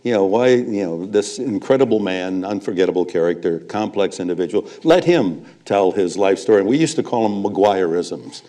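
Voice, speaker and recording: An older man shares stories as a guest at a live event. His voice sits a little low. He tells them like a seasoned raconteur, with a chuckle after each punchline. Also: expressive, normal speed, few pauses, dark tone. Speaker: guest, veteran sportscaster. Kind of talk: storytelling anecdotes on stage. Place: live event before an audience.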